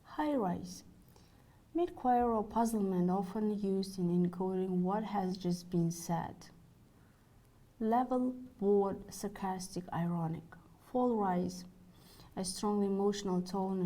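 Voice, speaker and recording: A woman's voice: medium pitch, mellow, low-quality recording. A woman giving an online course lecture, reading carefully with small slips and restarts while demonstrating tones; her first language is Russian.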